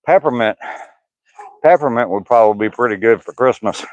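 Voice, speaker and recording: A man's voice: medium pitch, moderate pace, no echo, lo-fi sound. An older man joking and laughing as he reads live chat comments aloud during a walk on a trail. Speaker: vlogger. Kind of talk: casual live-stream chat while walking. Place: outdoor walking trail.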